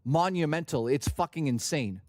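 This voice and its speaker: A man's voice: a little high, expressive, normal speed, a little mellow, no echo, clean studio sound. A man hosting a live stream, ranting in a heated, profane, worked-up way. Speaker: streamer host.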